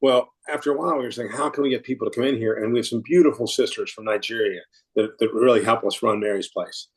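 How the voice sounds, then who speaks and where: There's a husky quality to this podcast guest's medium-pitched voice, and he talks fast. He's a middle-aged man from the United States telling a warm story in a casual interview, laughing often and restarting his sentences again and again.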